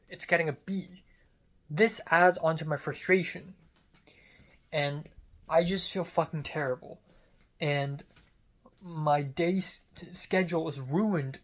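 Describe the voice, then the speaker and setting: Rambling, frustrated young student vlogger. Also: medium pitch. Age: young adult. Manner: rambling, self-critical, swears freely. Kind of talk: casual venting monologue.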